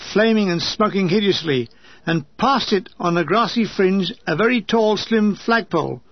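A man's voice: high-pitched, no room sound, highs cut off. A man reading his own war memoir aloud with wry, lyrical delivery and comic asides.

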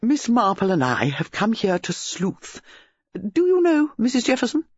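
A man's voice: sits high, huge pitch swings, moderate pace, slightly rough, dry recording, voice pushed up, heavily acted. A man voicing a direct, zestful older woman who speaks eagerly and impatiently in a dull lo-fi recording.

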